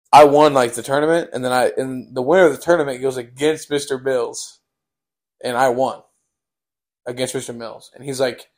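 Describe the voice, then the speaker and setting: A man's voice: medium pitch, a little mellow. A young man telling a casual storytime on a podcast, rambling with lots of fillers.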